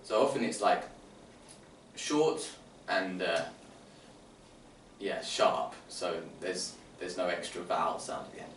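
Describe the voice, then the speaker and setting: A man's voice: sits low, slow, long pauses, fairly bright tone. A man presenting phonics teaching to other teachers, sounding out letters and explaining step by step. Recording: roomy, distant mic, faint room noise.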